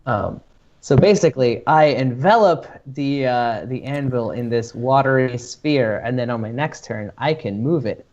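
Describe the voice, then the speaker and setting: A man at a tabletop game explains a spell, pausing and hunting for words. He sounds a little far from the mic, and the audio is dull. His pitch sits in the middle. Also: darkish tone. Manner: hesitant, stops to search for words. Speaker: player.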